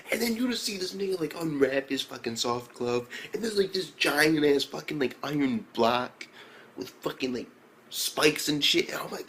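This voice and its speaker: Profane excitable young man recapping anime. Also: a little fast. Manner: excitable, profane, swings into high exclamations. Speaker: anime reviewer. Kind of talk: casual vulgar recap.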